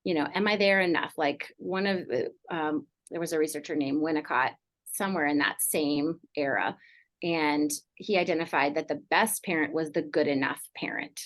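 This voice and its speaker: A woman's voice: low-pitched, normal speed. A middle-aged woman counselor talking casually on a podcast, rambling with many fillers like "like" and "you know". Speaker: mental health counselor guest.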